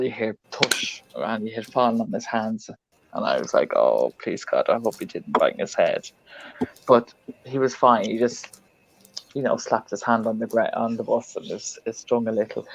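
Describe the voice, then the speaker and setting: Over a dull, lo-fi livestream, a woman with a very deep, steady voice hosts a craft session at a moderate pace. Heard through a computer mic on a video call, she chats away and laughs often while telling a funny story.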